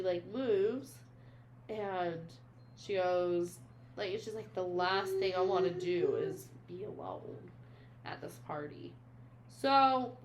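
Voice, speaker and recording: A woman's voice: medium pitch, a little hiss or hum. A young woman co-hosting a podcast, casually recapping a book and reading quoted lines aloud, with lots of "she's like". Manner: retells scenes, reading quotes aloud, many "she's like" fillers. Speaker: podcast co-host.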